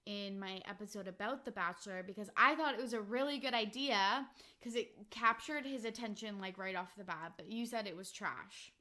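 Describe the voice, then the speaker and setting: A young woman from Vancouver, hosting a podcast in casual chat, filler-heavy and quick to laugh. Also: medium pitch, sharp tone. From Vancouver, Canada. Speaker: podcast host.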